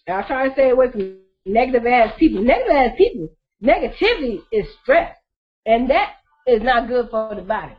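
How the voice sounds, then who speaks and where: A woman's voice: a little high, very animated, brisk. A woman telling her story casually to her viewers, blunt and profane, laughing often. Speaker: vlogger. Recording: dull lo-fi recording.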